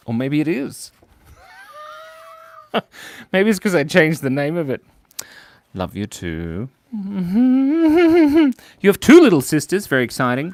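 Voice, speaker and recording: A man hosting a live drawing stream, chatting casually with viewers, reading their comments and joking at his own expense while laughing often. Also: on the high side. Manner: playful, joking and self-mocking. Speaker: livestream host drawing for viewers.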